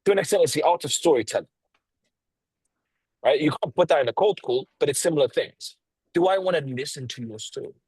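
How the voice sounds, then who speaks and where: A man coaching on a video call, talking bluntly and swearing freely, with a lively tonality, deliberate pauses and stressed words. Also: fairly high pitch, husky, no room sound, low-quality recording. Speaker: sales coach.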